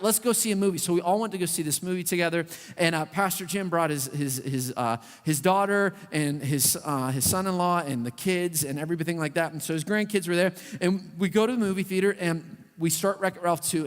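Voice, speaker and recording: A man preaching to a youth group, his voice sitting high for a man. He tells stories in an animated way and keeps dropping in "like". The sound carries a long reverb from the church hall. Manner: animated storytelling with frequent "like" fillers. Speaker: youth pastor. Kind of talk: youth sermon.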